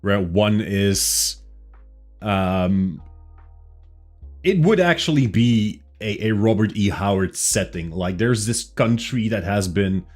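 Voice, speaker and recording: Low-voiced streamer, slow and rambling, self-mocking casual chat. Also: male voice, expressive, darkish tone, soft background music. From Flanders, Belgium. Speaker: livestreamer.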